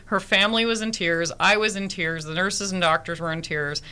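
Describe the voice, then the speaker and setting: A woman's voice: lowish voice, fairly even intonation, normal speed, pushed and bright, smooth. A woman nurse and therapy dog handler telling heartfelt stories in a radio interview, earnest and vivid.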